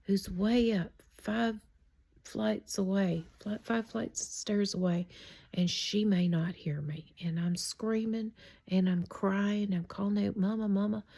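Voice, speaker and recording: A middle-aged woman telling a true story in a chatty, rambling way, often dropping into a hushed whisper. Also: medium pitch, slightly rough. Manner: chatty and digressive. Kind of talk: casual spoken storytime.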